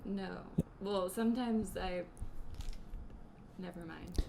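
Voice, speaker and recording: A woman's voice: medium pitch, steady tone, takes it slowly, background noise. A woman co-hosting a casual podcast chat, talking hesitantly with fillers. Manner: hesitant, soft-spoken, fillers. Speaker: podcast co-host.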